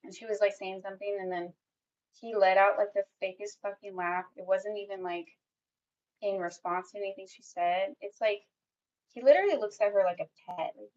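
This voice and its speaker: A woman's voice: mid-range voice, fairly even intonation, moderate pace, a little mellow, dull audio. A young woman doing a tarot reading for her viewers, speaking bluntly and swearing freely with lots of "like" fillers. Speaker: tarot reader.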